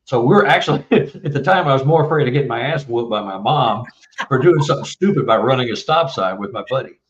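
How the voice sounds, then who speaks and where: This man, a seventy-something guest author from Texas, rambles through a lengthy story in an interview and keeps restarting. His medium-pitched voice is animated and quick, with background noise and a distant, muffled, roomy mic quality.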